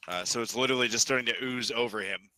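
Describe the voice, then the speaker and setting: A man running a tabletop game as dungeon master, easygoing and quick with his rulings. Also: mid-range voice, sharp tone, low-quality recording.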